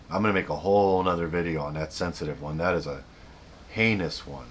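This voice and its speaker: A man's voice: low voice, brisk, a little hiss or hum. A man hosting a self-help video, giving blunt, repetitive, emphatic advice in a casual monologue.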